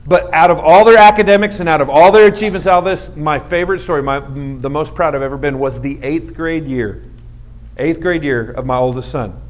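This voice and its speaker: A man in his forties gives a storytelling sermon to young listeners. His voice sits a little high for a man, and he acts out each scene with comic self-mockery. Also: a little fast. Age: 40s. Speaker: youth speaker.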